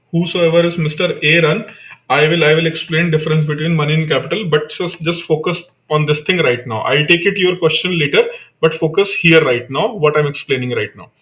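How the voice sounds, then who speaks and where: A man's voice: fairly high pitch, a bit bright. A man teaching an online exam-prep class, repeating key phrases and asking rhetorical questions he then answers. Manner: addresses students by name. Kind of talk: live online lecture.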